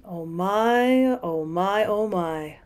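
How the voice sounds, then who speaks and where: A woman voicing an excitable, timid young male mole in a storybook reading, speaking softly and breathlessly. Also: mid-range voice, extremely slow, voice pushed down. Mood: amazed.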